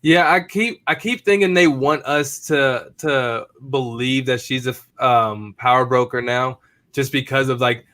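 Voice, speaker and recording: A man's voice: medium pitch, unhurried, pushed and bright. A man on a casual movie discussion podcast, confidently laying out his fan theories. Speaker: podcast co-host.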